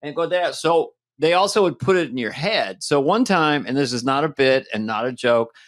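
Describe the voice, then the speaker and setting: A man's voice: a little high, expressive, moderate pace, fairly bright tone. Older man bantering on a podcast. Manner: playful storyteller, slips into silly voices. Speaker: podcast co-host. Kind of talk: casual chat. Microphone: studio podcast mic.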